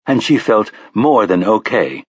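A man reads a novel aloud in a calm, measured way. His voice has a slight husky edge. The recording is dry and a bit dull, with little room sound. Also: fairly low pitch, dry recording. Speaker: audiobook narrator. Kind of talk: scripted narration.

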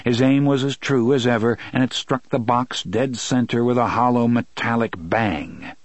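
A man narrating a novel as an audiobook, expressive and switching voices for characters. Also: medium pitch, normal speed, dry recording. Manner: expressive storytelling, many voices. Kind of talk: scripted narration.

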